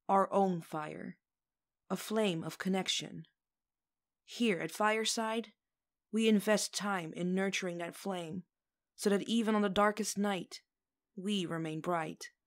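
A woman voicing a calm, earnest coven leader who speaks slowly and solemnly. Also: mid-range voice. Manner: slow, solemn speech-making.

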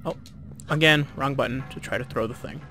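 A man giving relaxed, chatty, self-deprecating commentary while playing a video game. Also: medium pitch, a little fast, faint music behind. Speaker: let's play host. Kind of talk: casual gameplay commentary.

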